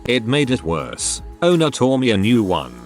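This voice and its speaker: A man reading out short first-person workplace anecdotes as scripted narration, with an animated storytelling manner. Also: medium pitch, normal speed, faint music behind.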